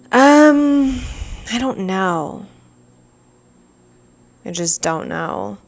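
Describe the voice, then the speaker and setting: A woman's voice: on the low side, creaky, clean tone. A young woman hosting her own podcast, rambling casually with lots of "like" and sarcastic asides. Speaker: podcast host. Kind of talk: casual solo podcast chat.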